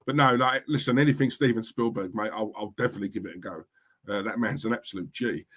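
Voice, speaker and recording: A man's voice: on the low side, fast talker, fairly bright tone. A young man with an East London Cockney accent, hosting a casual livestream and chatting as he reads out comments, blunt and repeating himself as he talks. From East London, England. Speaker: livestream host reading chat.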